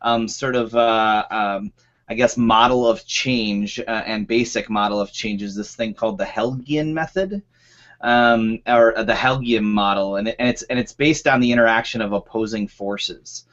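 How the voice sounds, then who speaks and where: Low-voiced host with lots of ums. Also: male voice, steady tone, moderate pace, fairly bright tone. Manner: loose, filler-heavy. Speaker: panel host. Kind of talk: casual video panel hosting. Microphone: video call. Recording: lo-fi video call audio.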